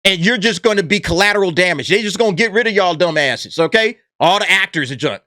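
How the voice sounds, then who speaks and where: Brash, mocking man with a bright voice. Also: sits high, lively intonation, fast talker, no room sound, studio quality. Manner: brash, mocking, profane, laughs at his targets. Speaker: commentary channel host. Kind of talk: casual commentary monologue.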